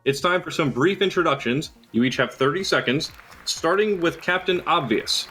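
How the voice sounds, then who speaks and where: A man's voice: fairly high pitch, lively intonation, moderate pace, pushed and bright, breathy edge, faint music behind. A man moderating a mock political debate over voice chat in a formal, announcer-like manner.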